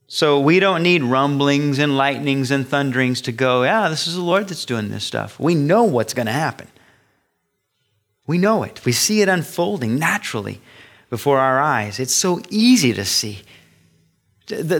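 A middle-aged male pastor preaching a sermon, animated and acting out the voices of the people he describes. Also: mid-range voice.

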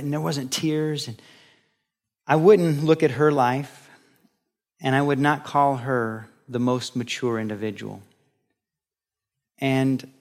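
A male pastor giving a sermon in a conversational style, acting out quoted voices as he goes. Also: medium pitch.

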